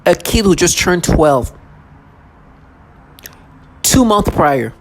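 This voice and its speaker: A vlogger in an intense, repetitive personal monologue who keeps mimicking other people in a lower voice. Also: very animated, drawn-out words.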